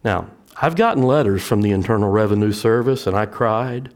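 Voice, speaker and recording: A middle-aged male pastor preaching a sermon, swinging from loud emphatic lines to hushed storytelling. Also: fairly low pitch, fairly quick.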